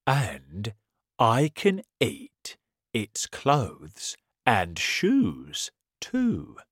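A woman doing a sly, slow-talking crocodile. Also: rumbling low, huge pitch swings, no echo, clean studio sound, full character voice. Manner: slow, drawn-out, menacing. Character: greedy sly male crocodile, low and slow.

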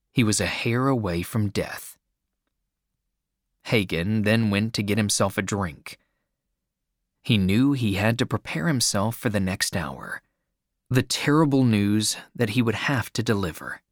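A man reading a novel aloud as a narrator in a measured, even storytelling delivery. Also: lowish voice, dry recording, clean studio sound. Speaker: audiobook narrator. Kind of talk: scripted narration.

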